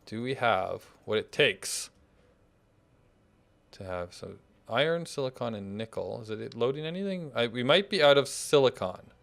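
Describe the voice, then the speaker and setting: A man's voice: medium pitch, animated, moderate pace, vocal fry, a bit bright. Male gameplay host, mid-range voice, rambling casual thinking aloud. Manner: rambling, thinks aloud while managing game systems. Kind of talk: casual multiplayer gameplay chat.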